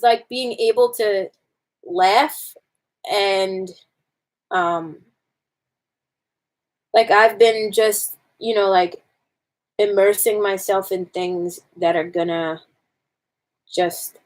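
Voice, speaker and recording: A woman on a casual live stream, reading jokes aloud and commenting on them to her viewers. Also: mid-range voice.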